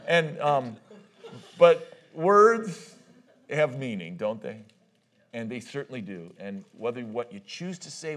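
A middle-aged man speaking at a church marriage conference, telling personal stories in a loose, conversational sermon, often laughing at his own tales and restarting his sentences. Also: medium pitch. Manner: loose, halting delivery with many restarts.

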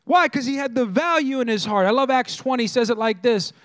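A man preaching a sermon as a pastor, conversational and animated, who repeats phrases and throws questions at the congregation. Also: very high-pitched, a little fast, no echo.

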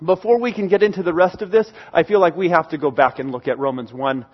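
A man preaching a sermon, earnest and pleading, slowing down and repeating phrases for emphasis. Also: fairly high pitch, breathy edge, muffled recording. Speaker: pastor.

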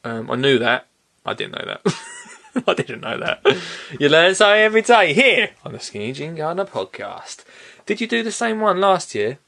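A man hosting a podcast, telling a story in a casual, animated way and laughing often. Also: a little high, moderate pace, vocal fry. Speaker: podcast host.

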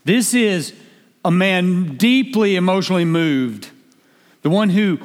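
Slow-talking preacher in a hall. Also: male voice, high-pitched. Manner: emphatic, rises to shouting preaching. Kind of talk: sermon. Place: church hall. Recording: long hall reverb.

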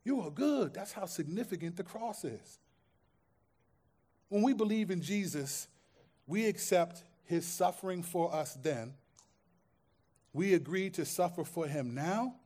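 A male pastor preaching with real passion, his voice sitting notably high for a man. He drops to near-hushed lines, then climbs to loud, ringing declarations, and he leans on repeated phrases to drive points home. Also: unhurried, pauses often. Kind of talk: sermon.

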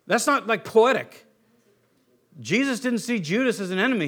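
Male pastor with a high voice, relaxed chatty sermon delivery, slangy and loose. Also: fairly quick. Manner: relaxed, chatty, with casual slang and many restarts. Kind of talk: casual conversational sermon.

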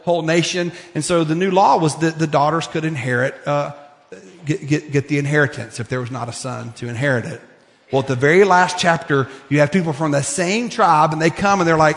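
Conversational pastor in an echoing hall. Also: male voice, a little high. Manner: conversational, animated retelling with fillers. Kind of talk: sermon. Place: church sanctuary. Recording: long reverb of a church hall.

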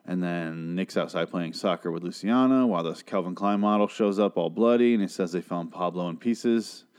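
A young man with a slightly low voice rambles through a casual recap of a TV episode. He is sarcastic, swears freely and keeps slipping into quick mock voices for the characters. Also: darkish tone, clear, resonant tone.

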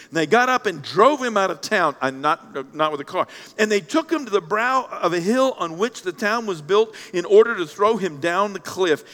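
A man preaching a Sunday sermon, blunt and animated, acting out the voices of the people in his story. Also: high-pitched, fairly quick. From Central Kentucky. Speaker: pastor. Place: church sanctuary. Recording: long hall reverb.

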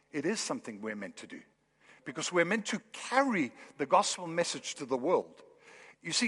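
A man preaching a sermon in a church, with animated, building emphasis. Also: a little high, long reverb tail. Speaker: pastor. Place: church hall.

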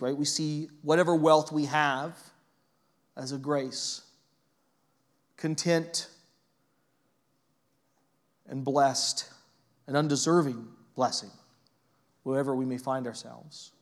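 A man preaching a sermon in a conversational way, often adding "right?" and telling animated, self-deprecating stories. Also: fairly high pitch, slow pace, pauses often. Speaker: pastor.

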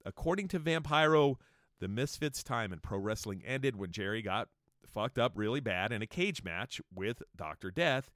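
A man's voice: on the low side, lively intonation, moderate pace, a bit bright, no room sound, studio quality. Foul-mouthed man ranting on a podcast. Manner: angry, swearing, mocking whiny voices. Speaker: podcast host. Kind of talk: profane casual podcast rant.

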